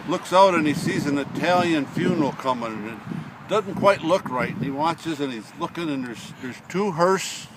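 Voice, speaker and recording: Rambling man telling a joke outdoors. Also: fairly high pitch. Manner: rambling, repeats words and says "he says" often. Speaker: joke teller. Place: outdoors on a golf course. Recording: outdoor noise with passing traffic.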